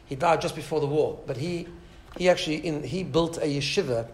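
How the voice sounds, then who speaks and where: Fast-talking rabbi teaching a class. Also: male voice, on the high side. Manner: animated storyteller, many restarts and asides. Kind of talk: informal Torah class talk.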